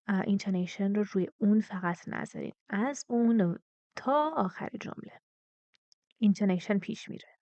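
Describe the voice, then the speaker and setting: Woman, pronunciation teacher: slow, overdrawn model phrases with big pitch swoops, fast asides in between, dry and slightly dull recording. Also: gravelly, a little mellow, dry recording. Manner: slow, drawn-out model sentences with exaggerated intonation; rapid explanations between examples. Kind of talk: bilingual pronunciation lesson.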